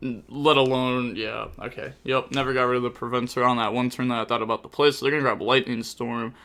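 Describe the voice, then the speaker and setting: A young man commentating a card game replay, talking fast and getting exasperated, breaking into loud outbursts at misplays. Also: medium pitch, fairly even intonation. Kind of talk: gameplay commentary.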